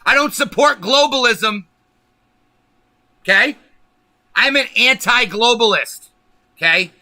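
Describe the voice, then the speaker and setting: Man, livestream host, profane angry rant, high voice, very bright and sharp. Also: lively intonation, slow pace, no room sound. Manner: angry, profane, emphatic ranting. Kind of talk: ranting political livestream.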